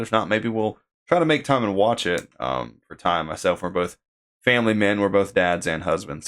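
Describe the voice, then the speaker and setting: A man's voice: deep voice, a bit bright. A man hosting a podcast in casual chat, easygoing and chuckling between remarks. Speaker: podcast host.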